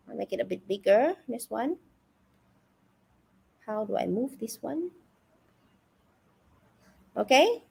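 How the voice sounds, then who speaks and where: A woman teaching English in a live webinar, with a Malaysian English accent and a lively manner, often checking in with "okay?" and "yeah?". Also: a little high.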